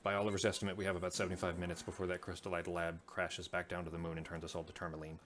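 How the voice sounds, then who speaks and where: A man voicing a brisk female director giving orders in a tabletop game, with music behind. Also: low-pitched, little pitch movement, fairly bright tone, a little hiss or hum. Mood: commanding.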